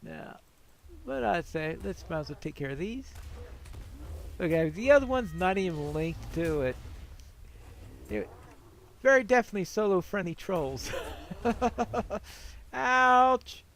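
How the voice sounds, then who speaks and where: A man talks over his gameplay in a relaxed let's-play style. His voice sits a little higher than most men's. He muses and wanders from thought to thought, often poking fun at himself. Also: moderate pace, pauses often, a little hiss or hum. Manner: rambling, self-deprecating musing. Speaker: gameplay commentator. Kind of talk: casual let's-play commentary.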